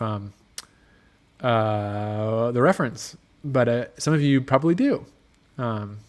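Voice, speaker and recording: Easygoing man rambling on a livestream. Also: medium pitch. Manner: relaxed, rambling, many ums and restarts. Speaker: motorcycle company host reading viewer comments. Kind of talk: casual livestream chat. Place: motorcycle workshop.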